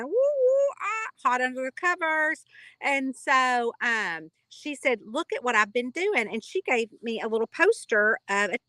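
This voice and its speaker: A middle-aged woman with a Kentucky twang hosts a live reader chat as an author, rambling along in a bubbly, chatty way and reading viewer comments aloud. Her voice is fairly high, pushed and bright, and the recording is dry.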